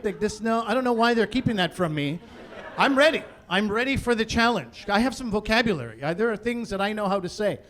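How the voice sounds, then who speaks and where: Stand-up comic, man in his forties, high voice, animated storyteller who ramps into fake outrage. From Canada. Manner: animated storyteller building to mock-indignant rants. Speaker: stand-up comedian. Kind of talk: stand-up comedy routine. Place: comedy stage before a live audience.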